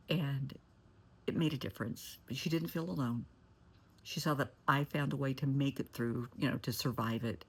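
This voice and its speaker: A woman's voice: a bass voice, creaky, husky. A woman therapist recounting a client story and giving blunt, candid advice. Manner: candid, blunt, shifts to forceful warnings.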